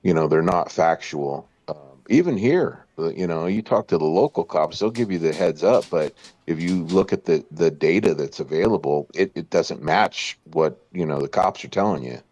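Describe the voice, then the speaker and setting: Brief: man, very low voice, laid-back casual chatter, muffled dry lo-fi recording. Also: animated, moderate pace, a little mellow, dry recording. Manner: laid-back, says "dude" and "you know" often. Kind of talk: casual chat. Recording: dull dry lo-fi sound.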